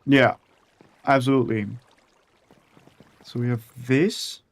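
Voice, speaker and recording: A man's voice: medium pitch, fairly even intonation, slow, no echo. A young man chatting casually and swearing often as he narrates building in a game and talks to himself. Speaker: gaming streamer. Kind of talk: casual gameplay commentary.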